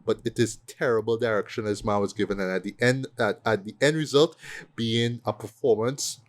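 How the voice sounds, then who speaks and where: A man giving a casual, profane movie review rant, animated and often acting out quoted lines. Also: fairly low pitch, moderate pace. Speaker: podcast co-host.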